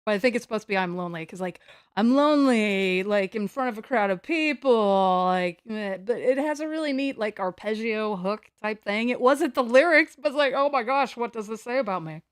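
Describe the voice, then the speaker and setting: A woman's voice: medium pitch, expressive, moderate pace, clean tone, dry recording, studio quality. A woman from the United States chatting casually on a live stream from home, rambling and joking at her own expense. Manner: rambling, playful, self-mocking. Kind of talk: casual livestream chat. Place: at home, sitting on the floor.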